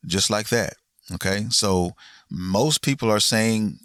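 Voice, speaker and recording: Deep-voiced guy rambling about a game on his podcast, swears a lot, dry close sound. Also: normal speed, a bit bright, no echo. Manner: laid-back, rambling, frequent swearing and fillers. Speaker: gaming podcast host. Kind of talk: casual chat recapping a game ending.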